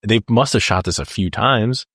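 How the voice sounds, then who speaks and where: Laughing low-voiced man chatting about movies. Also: normal speed, fairly bright tone, slightly rough, no echo, studio quality. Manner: laughs often, jumps into quoted lines. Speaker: podcast co-host. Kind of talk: casual film discussion.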